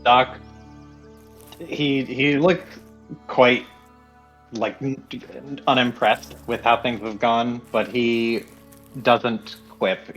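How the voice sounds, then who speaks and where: Slow, halting man player. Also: medium pitch, steady tone, a bit bright, faint music behind, rough recording. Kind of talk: tabletop role-play.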